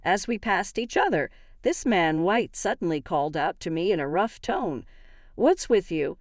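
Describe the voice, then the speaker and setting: A woman giving a scripted first-person story narration in a measured storytelling manner. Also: fairly low pitch, lively intonation, no room sound, clean studio sound.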